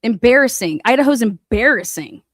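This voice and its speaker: A woman's voice: on the high side, lively intonation, moderate pace, dry recording, clean studio sound. A woman true crime commentator in an angry, profane rant, cursing and mocking the people she talks about.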